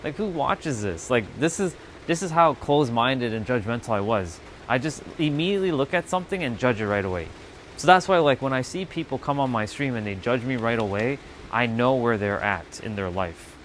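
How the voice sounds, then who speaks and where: A man's voice: mid-range voice, fairly quick, slight background noise. A man in his thirties hosting a livestream, telling stories in a casual chat full of swearing and mocking quoted asides. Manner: profane, animated storytelling with mocking quoted asides. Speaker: livestream host.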